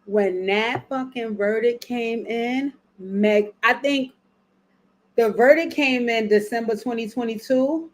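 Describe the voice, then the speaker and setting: Chatty woman with emphatic repetition. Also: fairly high pitch. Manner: chatty, emotional, repeats words for emphasis, curses freely. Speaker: vlogger reviewing a documentary. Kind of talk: casual commentary.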